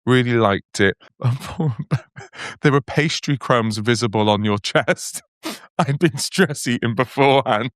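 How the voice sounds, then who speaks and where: A man's voice: mid-range voice, slow pace, no room sound, studio quality. A man co-hosting a comedy podcast, telling stories and laughing often in casual chat. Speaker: podcast co-host.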